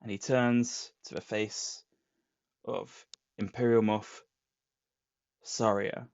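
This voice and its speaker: A man's voice: fairly low pitch, little pitch movement, slow pace, a little mellow, clear, resonant tone, no room sound. Man, podcast co-host, comic recap, muffled lo-fi, dry close sound. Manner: retells plots with put-on quotes. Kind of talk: casual chat and comic recap. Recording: dull lo-fi sound.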